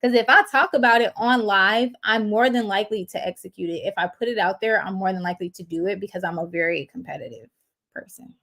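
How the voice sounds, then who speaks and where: A woman's voice: medium pitch, quick pace, fairly bright tone. A woman chatting casually on her livestream, slangy and full of fillers, talking straight to her viewers. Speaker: YouTuber hosting a livestream.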